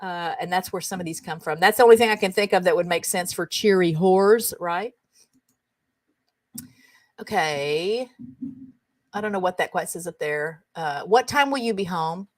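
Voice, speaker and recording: A woman's voice: lowish voice, normal speed, pauses often, no room sound. A woman hosting a casual show, reading funny text messages aloud and chatting about them in an amused way. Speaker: host of a comedy roundup show.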